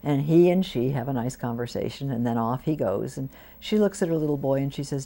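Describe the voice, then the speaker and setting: A low-pitched, gravelly older woman shares stories from her life as a priest. Her tone is dark and mellow, and she drops into lively voices when she quotes the people she met. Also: fairly quick, hardly any pauses. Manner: warm anecdotal storytelling with lively quoted voices. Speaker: Episcopal priest, interviewee. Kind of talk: storytelling interview. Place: community TV studio.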